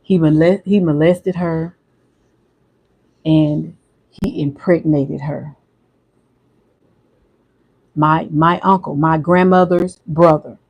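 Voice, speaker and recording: Soft-spoken halting man with high voice. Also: fairly even intonation, creaky, low-quality recording. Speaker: livestream host. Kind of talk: emotional livestream monologue.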